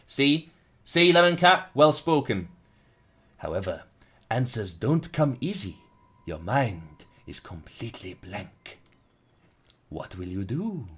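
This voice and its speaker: A man's voice: mid-range voice, very animated, slow, pauses often, a bit bright, breathy edge. Jokey profane male game streamer. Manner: jokey and profane, reads narration dramatically. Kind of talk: live-streamed game reading and chat banter.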